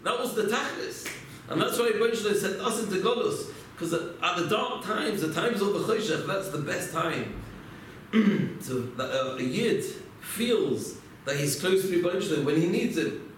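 A man's voice: sits high, lively intonation, moderate pace, a little hiss or hum. A man giving a religious lecture, telling stories and asking and answering his own rhetorical questions. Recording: echoey room, mic far off.

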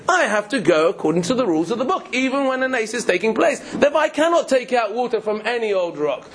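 Guy teaching torah class, high husky voice, lots of restarts and little laughs. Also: fairly bright tone. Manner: explains with questions, many restarts, frequent laughs. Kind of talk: Torah class explaining Rashi.

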